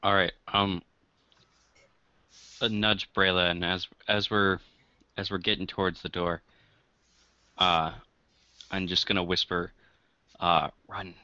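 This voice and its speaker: A man's voice: low voice, little pitch movement, slow, pauses often, pushed and bright, smooth, no room sound, highs cut off. A man playing a tabletop game, talking casually and thinking aloud with hesitations. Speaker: player.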